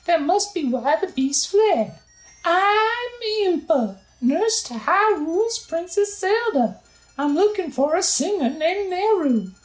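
A woman putting on a high, slow, fluttery voice for a timid, grateful nursemaid in a video game. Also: very animated, echoey room, soft background music, exaggerated voice, low-quality recording. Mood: frightened.

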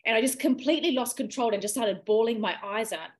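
A woman's voice: a little high, fast. New woman telling an emotional story. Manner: animated, emotional retelling with quoted dialogue and laughs. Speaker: podcast guest, healer. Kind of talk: personal storytelling in conversation.

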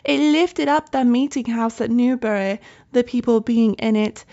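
Woman doing a British-accented colonial governor, halting, self-conscious, slightly high, dull lo-fi audio. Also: warm tone, close to an everyday voice. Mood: solemn. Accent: attempted British. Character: colonial male governor writing his diary.

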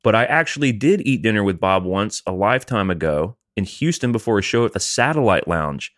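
A man's voice: on the low side, expressive, brisk, a bit bright, dry recording, studio quality. A man co-hosting a podcast, chatting loosely and reading listener emails aloud. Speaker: podcast co-host.

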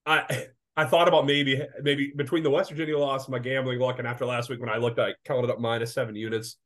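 Fast-talking sick man telling stories. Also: mid-range voice. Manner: animated storytelling, profane. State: sick, congested. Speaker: podcast co-host. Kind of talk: casual chat.

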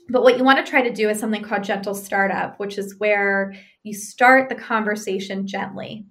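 A woman, in the role of a relationship counselor, explaining couples advice conversationally, acting out example arguments and often checking in with "right?". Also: a little high. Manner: animated, acts out example arguments.

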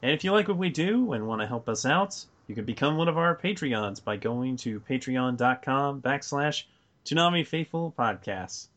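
A man's voice: mid-range voice, lively intonation, moderate pace, a bit bright. A man hosting a podcast, casually reading out contact links and chatting with co-hosts. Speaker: podcast host.

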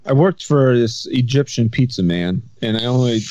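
A man's voice: mid-range voice, animated, normal speed, warm tone, no room sound, dull audio. A man co-hosting a podcast, telling stories in a rambling casual way. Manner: rambling storyteller, many restarts. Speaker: podcast co-host.

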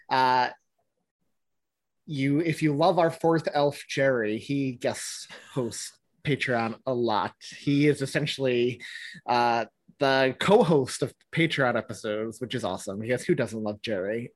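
A man's voice: mid-range voice, dry recording. A man with a lilt hosts a casual podcast, chatty and upbeat. His voice sits mid-range, and the sound is dry and close. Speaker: podcast host. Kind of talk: casual chat.

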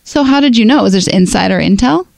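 A woman co-hosting a podcast, talking as an excitable, gushing fan. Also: medium pitch, fast, gravelly, no room sound, studio quality. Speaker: podcast co-host. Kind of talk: casual podcast chat.

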